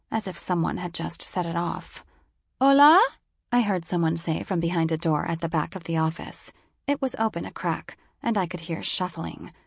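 A woman's voice: fairly low pitch, gravelly, slightly rough, no room sound, clean studio sound. A woman narrating a first-person novel in a wry, sardonic storytelling manner. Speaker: audiobook narrator.

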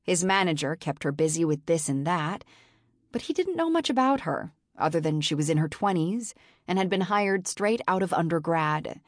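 A woman narrating a novel in a measured, expressive audiobook style. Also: fairly low pitch, no room sound, clean studio sound. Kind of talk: scripted narration.

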